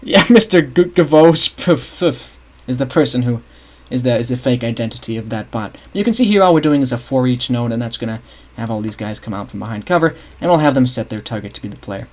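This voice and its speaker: A young streamer working on his game map's scripting talks casually to his livestream audience, thinking aloud and restarting often as he chats. His mid-range voice is expressive and brisk, with few pauses.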